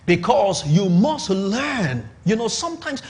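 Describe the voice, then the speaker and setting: Nigerian man, pastor, middle-aged, emphatic sermon, high voice, lively swings in pitch. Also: a little slow. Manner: emphatic, repeats points and asks the audience to confirm. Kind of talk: sermon teaching on business.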